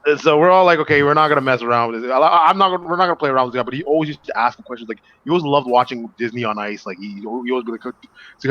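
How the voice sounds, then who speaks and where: A man's voice: mid-range voice, bright, forceful tone, muffled recording. A man telling a story in a casual chat, laughing often and acting out the people in it. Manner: rapid, laughing, acts out quoted people. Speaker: podcast co-host.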